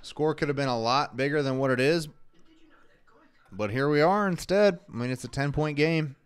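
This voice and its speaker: A man's voice: on the high side, moderate pace, clear, resonant tone. A man co-hosting a casual watch party stream, calling plays and reading viewer comments aloud with a wry, exasperated manner.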